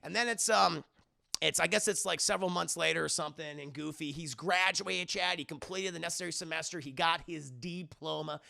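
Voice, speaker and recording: A young man recapping a movie for his live-stream chat in an animated, profane way, acting out the characters' lines. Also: on the high side, brisk, vocal fry.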